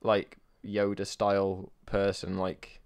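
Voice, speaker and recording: A man's voice: low voice, monotone, slow pace, smooth. A young man co-hosting a podcast, rambling and joking with many fillers and restarts. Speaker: podcast co-host. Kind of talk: casual chat.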